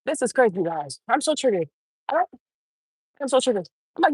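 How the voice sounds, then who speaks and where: A woman's voice: on the high side, very animated, fairly quick, long pauses, husky, no echo. A woman hosting an uncensored commentary show, talking emphatically and swearing, mocking others in put-on voices.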